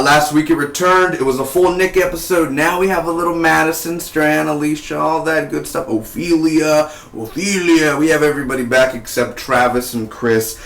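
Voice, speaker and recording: A man's voice: medium pitch, a bit bright, echoey room. Chatty young man reviewing a show. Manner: chatty and rambling, with asides. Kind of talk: casual spoken review.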